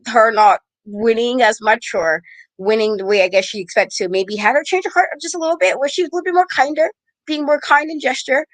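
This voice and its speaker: A woman's voice: a little high, brisk, no room sound. A woman co-hosting a podcast, talking through wrestling storylines in a rambling, thinking-aloud way with lots of fillers. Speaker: podcast co-host. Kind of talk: casual wrestling discussion.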